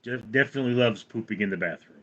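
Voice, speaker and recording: A man's voice: mid-range voice, fast talker, sharp tone, dull audio. Rambling man chatting on a livestream. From California. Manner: rambling, reads chat aloud. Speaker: livestream host. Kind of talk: casual livestream chat.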